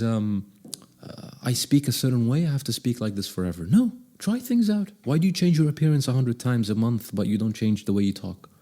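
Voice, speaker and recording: A young man talks through a speaking lesson in a relaxed, conversational way, often pausing to check that the viewer follows. His voice sits low and has a mellow, dark tone. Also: slightly rough. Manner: demonstrative, shifts pitch and pace to show examples; conversational with frequent check-ins. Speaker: voice coach. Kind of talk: casual video lesson.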